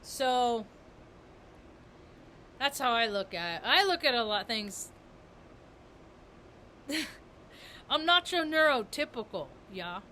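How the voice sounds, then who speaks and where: A woman's voice: a little high, big pitch swings, slow pace, pauses often, sharp tone, a little hiss or hum. A woman vlogger talking in a rambling spiritual monologue, repeating and restarting her words with emphasis.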